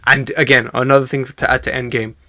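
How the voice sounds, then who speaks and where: A man chatting on a podcast with a bright, forward voice and a lot of excitement. He acts out crowd reactions and hums tunes as he goes. The sound is dry and close, with no room around it. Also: mid-range voice, fast talker, creaky, no echo. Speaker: podcast co-host. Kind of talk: casual chat.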